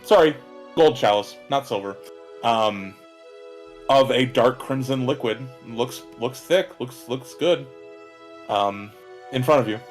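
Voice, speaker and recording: A man narrating as game master, halting, with many ums and restarts. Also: mid-range voice.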